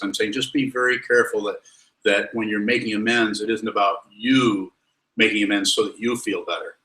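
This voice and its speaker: A man's voice: fairly low pitch, a little fast, bright, forceful tone. Blunt, wry man teaching in an echoey hall. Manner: blunt, wry, lectures then lets students ask. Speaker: Buddhist teacher. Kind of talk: dharma talk with questions. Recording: roomy echo.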